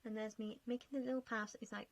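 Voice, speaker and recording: A woman's voice: on the high side, little pitch movement, fast talker, vocal fry, dry recording, highs cut off. Chatty self-mocking woman. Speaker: game vlogger. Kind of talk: casual commentary over gameplay.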